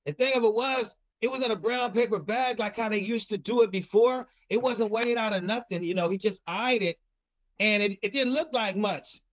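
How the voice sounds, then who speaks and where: A man's voice: sits high, normal speed. A middle-aged man telling a story in casual talk, rambling with many restarts and "you know". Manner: rambling, repeats words and fillers like "you know". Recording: dull lo-fi recording.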